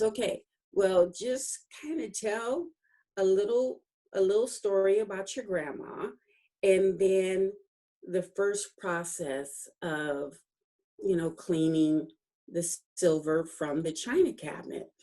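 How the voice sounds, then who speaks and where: A woman's voice: mid-range voice, slow. A middle-aged woman, a guest author, telling a personal story in a casual interview, acting out the dialogue and laughing often as she remembers. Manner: animated storytelling, acts out quoted dialogue; laughs often while recalling.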